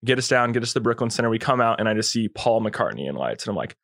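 A man's voice: on the low side, big pitch swings, racing, vocal fry, hardly any pauses, a bit bright, no room sound, clean studio sound. A young man, a podcast guest, telling a long story in a laid-back, slangy way and acting out quotes. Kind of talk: casual storytelling.

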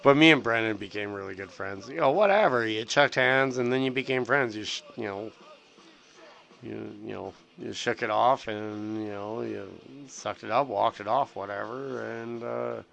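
A man's voice: fairly low pitch, moderate pace, creaky, a bit bright. A middle-aged man telling stories in a rambling, casual way, swearing constantly and filling gaps with "like" and "you know.". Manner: profane, heavy on fillers and restarts.

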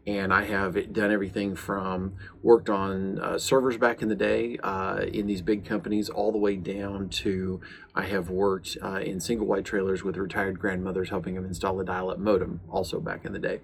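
A man's voice: deep voice, flat delivery, moderate pace, gravelly. A man in his forties, a podcast host and police chaplain, talking earnestly in a rambling casual monologue full of uhs and restarts.

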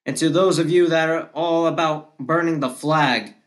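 A man's voice: fairly high pitch, steady tone, moderate pace. A man hosting a podcast, giving a political monologue in an impassioned, repetitive and combative way. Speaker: podcast host.

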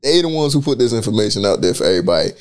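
A man's voice: lowish voice, big pitch swings, racing. A young man co-hosting a podcast in casual chat, laid-back and steering the talk with questions. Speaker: podcast co-host.

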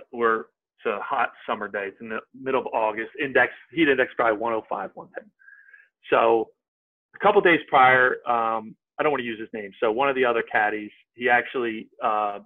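A man tells a story as a podcast guest, casual and animated. He acts out what people said as he goes. His voice comes through a thin, phone-like line and sits at an ordinary middle pitch. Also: moderate pace.

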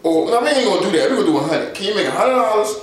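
A high-voiced man fires off blunt, crude remarks at a rapid clip. The room around him is very echoey, with a faint noise underneath. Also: big pitch swings, far from the mic. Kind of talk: casual chat.

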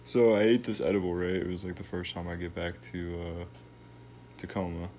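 A man's voice: sits low, level tone, fairly quick, darkish tone, slight background noise. A young man telling a long story in a casual, laid-back way, full of slang and swearing.

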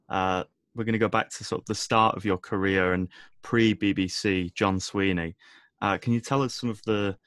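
A man's voice: deep voice, fairly bright tone, no echo. A man interviewing a guest in a polite, easygoing way. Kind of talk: podcast interview.

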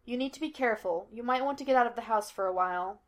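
A woman's voice: a little high, quick pace, close to an everyday voice. Teasing young male sleuth, read by a woman, breezy, playful, audiobook story. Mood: earnest.

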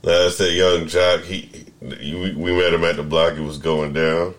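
A man with a very low, deep voice hosts a casual podcast conversation. He rambles and keeps cutting himself off mid-sentence. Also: little pitch movement, normal speed. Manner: rambling, self-interrupting, restarts sentences. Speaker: podcast host. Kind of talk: casual chat.

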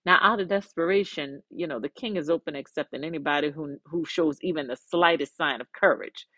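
A woman podcast host narrating a story in a lively, conversational way with asides. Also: low-pitched, fairly quick, dry recording.

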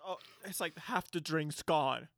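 A young man with a fairly high voice joins casual banter with wry, quick comebacks. The sound is dry and close, with no room echo. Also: gravelly, fairly bright tone. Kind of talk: casual chat among friends.

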